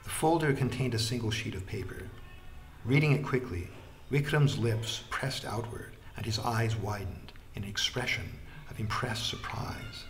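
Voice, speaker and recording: A man narrating an audiobook in a measured way, trailing into a breathy hush at phrase ends. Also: medium pitch, huge pitch swings, slight background noise.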